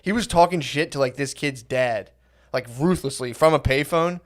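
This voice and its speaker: A man's voice: mid-range voice, normal speed. A man in his thirties co-hosting a podcast, telling rambling, profane comic stories and laughing often. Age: 30s. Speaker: podcast co-host. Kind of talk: casual comedic storytelling.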